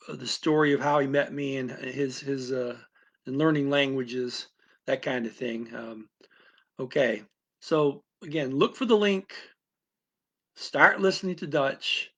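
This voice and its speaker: A man's voice: on the high side, fairly bright tone. A man teaching languages, talking off the cuff in a rambling way with many restarts and fillers. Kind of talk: casual unscripted explanation to camera.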